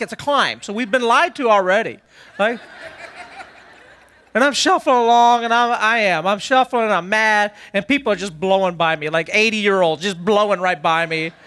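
A man's voice: high voice, pushed and bright. A male pastor telling a funny, self-deprecating story in a sermon.

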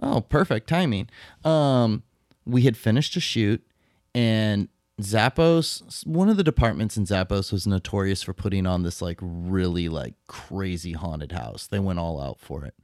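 A lower-pitched man swaps stories in a casual podcast chat, cursing freely and getting animated as he talks. His voice sits on the low side and sounds dry and close to the mic. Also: a little slow, no echo. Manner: animated, swears, laughs while telling stories. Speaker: podcast co-host.

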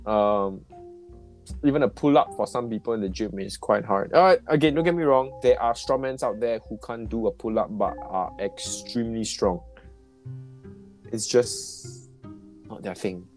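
A man's voice: on the low side, darkish tone. A young man with a Singaporean accent co-hosting a casual podcast chat. He jokes easily and backpedals with a laugh when a topic gets touchy. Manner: jokey, quick to laugh and backpedal. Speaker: podcast co-host. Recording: guitar music playing underneath.

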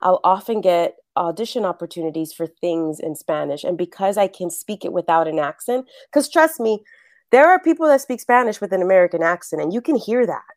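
A woman's voice: fairly low pitch, lively intonation, fairly quick, a little mellow, dry recording, studio quality. A middle-aged woman from the Bronx, an actress and acting teacher, chatting animatedly as a guest and laughing often. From The Bronx, New York. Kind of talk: casual interview chat.

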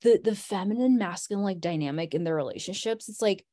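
A woman's voice: mid-range voice, lively intonation, quick pace, warm tone, dry recording. A woman guest on a podcast, talking reflectively in a rambling, casual way with lots of fillers. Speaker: podcast guest, graphic designer.

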